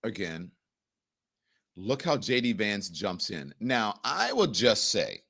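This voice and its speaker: A man hosting a show, giving animated, exasperated political commentary over news clips. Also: on the low side, slow pace, vocal fry, slightly rough. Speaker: show host.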